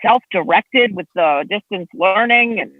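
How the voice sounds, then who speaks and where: A woman's voice: unhurried, no room sound. A woman, a state legislator, chatting as a guest and telling stories with big swings in her voice. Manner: animated storyteller, big pitch swings. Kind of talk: casual chat. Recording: tinny phone-like line.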